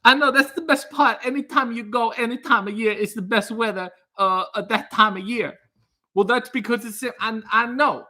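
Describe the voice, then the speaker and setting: An excitable young sitcom sidekick, high and eager, tripping over his own words, as a man puts him on. The voice sits well above a normal pitch. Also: moderate pace, heavily acted.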